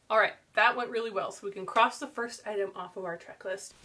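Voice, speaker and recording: A woman's voice: fairly high pitch, moderate pace, hardly any pauses, a bit bright. A young woman from Canada narrating a home renovation vlog in a chatty, upbeat way with small laughs. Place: old house, indoors.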